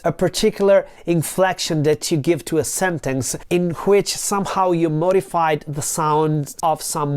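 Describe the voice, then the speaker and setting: A woman's voice: on the low side, darkish tone. A woman in her forties from Italy with a northeastern Italian accent, teaching Italian in a patient, chatty video lesson that drifts into side notes. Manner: chatty, digressive, patient explainer.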